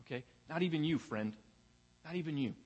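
The recording is muffled, capturing a young pastor whose slightly high, slightly rough voice has a darkish tone as he preaches expressively and fairly quickly. He talks conversationally in a church sanctuary, repeating words to find his place, with the long reverb of a large hall.

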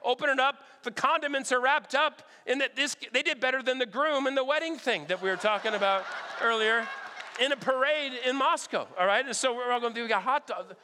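A man preaching a sermon, telling lively stories in an animated way and checking in with his listeners again and again. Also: extremely high pitch, a little fast, slight background noise. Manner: animated, checks in with "all right?" often. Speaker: pastor. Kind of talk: storytelling sermon. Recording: long hall reverb.

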